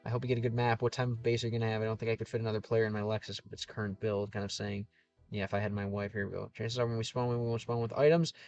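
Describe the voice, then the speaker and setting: A man's voice: lowish voice, level tone, racing, a little mellow, dry recording, muffled recording. A man streaming live, chatting casually as he reads out viewer comments in a rambling, easygoing way that often stops and restarts mid-sentence. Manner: rambling, self-interrupting, easygoing. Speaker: YouTuber streamer. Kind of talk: casual livestream chat reading comments. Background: faint game soundtrack music.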